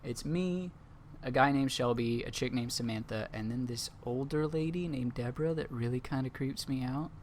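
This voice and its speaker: A young adult man hosts a laid-back podcast and tells a long anecdote in a loose, rambling way, full of fillers. His pitch sits mid-range for a man. A faint hiss sits under the recording. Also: normal speed. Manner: rambling, filler-heavy storytelling. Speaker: podcast host. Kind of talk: casual storytelling chat.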